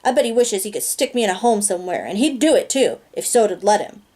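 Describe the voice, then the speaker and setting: A woman's voice: mid-range voice, expressive, quick pace, warm tone, natural voice. A woman reading aloud, voicing a touchy, resentful teenage greaser boy in her own voice. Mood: bitter.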